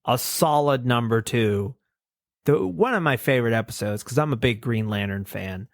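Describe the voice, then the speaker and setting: A podcast co-host with a mid-range voice chats casually about cartoons at a moderate pace, rambling and laughing at his own stories. The recording is dry and studio quality.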